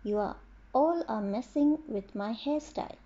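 A woman's voice: on the high side, a little slow, warm tone, lo-fi sound, lightly acted. A woman voicing a proud, rude male fig tree in a storybook reading, snooty and dismissive. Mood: haughty.

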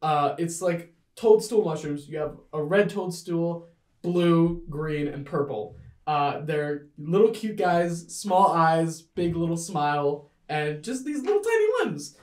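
A woman narrating a tabletop role-playing game as game master, in a relaxed way with lots of fillers. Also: low-pitched, slow. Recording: echoey room.

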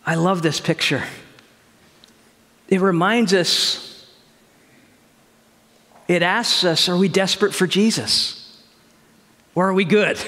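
A male pastor preaching in a church sanctuary, with a fairly high voice for a man. He talks conversationally and tells stories with lively quoted dialogue, and the sound carries a long hall reverb. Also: takes it slowly, pauses often. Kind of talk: sermon with personal story.

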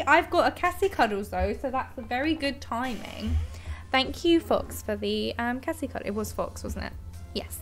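Young girl chatting on her stream, kinda high voice, giggly, faint music behind. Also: expressive, moderate pace. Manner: chatty, giggly, cooing over her cat. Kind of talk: casual live-stream chat. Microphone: desk microphone.

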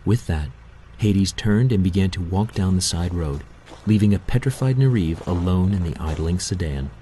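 A man narrating a novel in a measured, steady audiobook reading. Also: sits low, a little hiss or hum, rough recording.

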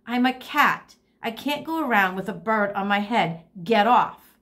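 A woman's voice: a little high, lively intonation, unhurried, a bit bright. A woman voicing a grumpy male house cat, exasperated and insistent.

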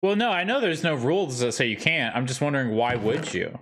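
Animated, excitable male game streamer. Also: mid-range voice, brisk, slight background noise. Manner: excitable, talks to himself and chat, yelps and shouts at enemies. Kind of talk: live gameplay commentary.

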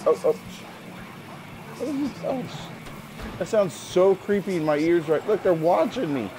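A man's voice: sits high, a little slow, noisy background. A man giving jumpy, jokey commentary while playing a game, often talking to himself. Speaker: gamer. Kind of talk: let's play commentary.

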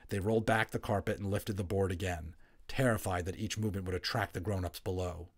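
A man narrating a children's novel aloud, expressive and building tension, dropping to hushed tones in quiet moments. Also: sits low, brisk. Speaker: audiobook narrator. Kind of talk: storybook read-aloud narration.

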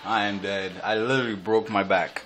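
A young man commentating his own video game match, recorded on a phone, excitable and quick to yell, laugh and curse. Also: on the low side, loud music behind the voice.

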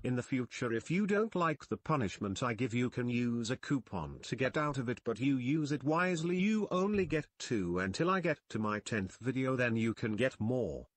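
A man's voice: mid-range voice, expressive, moderate pace, hardly any pauses, no room sound. A man reading a scripted, teasing message to a streamer. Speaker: video narrator.

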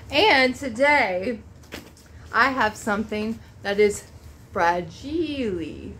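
Bubbly high-voiced woman vlogger. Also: expressive, drawn-out words, fairly bright tone, a little hiss or hum. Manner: bubbly, gushing, exclaims often. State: emotional, close to tears. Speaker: vlog host. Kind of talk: unboxing vlog chat.

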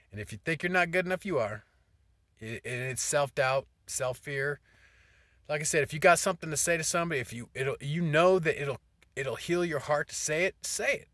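A man's voice: mid-range voice, fairly bright tone, no room sound. A middle-aged man giving a rambling, profane motivational talk to his phone camera from a parked car. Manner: profane, meandering, restarts often. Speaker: vlogger.

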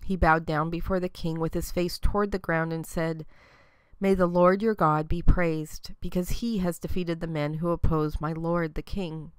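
Woman reading scripture, smooth and low. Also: dry recording. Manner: measured, even reading. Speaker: scripture reader.

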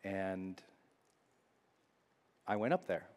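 A man's voice: low voice, lively intonation, drawn-out words, a little mellow. A motivational speaker, a man, telling a personal story to a live audience in an earnest, confessional way. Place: large seminar hall. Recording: long hall reverb.

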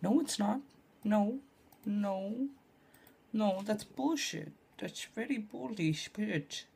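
Tired, rambling young vlogger. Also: medium pitch. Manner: rambling and scatterbrained, jumps from loud outbursts to mumbled asides. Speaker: gaming vlogger. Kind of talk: casual rambling vlog to camera. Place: dim room at home.

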